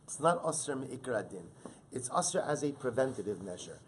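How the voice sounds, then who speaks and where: Rabbi, man, Talmud class teacher; animated, stressing quoted texts. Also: mid-range voice, brisk, slight background noise. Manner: animated, repeats words, rises loudly on Hebrew and Aramaic quotes.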